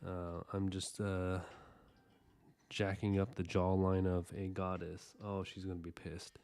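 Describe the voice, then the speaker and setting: Low-pitched dude streaming his drawing, chatty and rambly, lots of sorrys. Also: little pitch movement, measured pace, a little mellow, clean tone. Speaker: artist streaming while drawing. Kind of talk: casual livestream chat with viewers.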